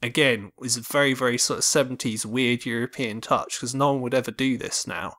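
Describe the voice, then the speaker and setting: A man's voice: medium pitch, fairly even intonation, fairly quick, fairly bright tone. A man co-hosting a podcast, reviewing films in a casual, thoughtful chat full of hedges and fillers. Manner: thoughtful, hedging with many fillers. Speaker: podcast co-host.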